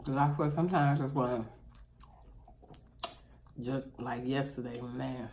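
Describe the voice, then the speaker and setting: A woman's voice: very deep voice, steady tone, unhurried, a little mellow, a little hiss or hum. A woman, hosting a mukbang eating video and chatting casually while she chews. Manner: chatty, talks while chewing. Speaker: mukbang host.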